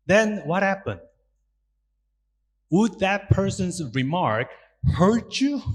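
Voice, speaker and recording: Animated Korean-accented man giving a talk. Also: high-pitched. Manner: animated, asks the audience questions, acts out quotes. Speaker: Buddhist monk speaker. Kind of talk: public talk.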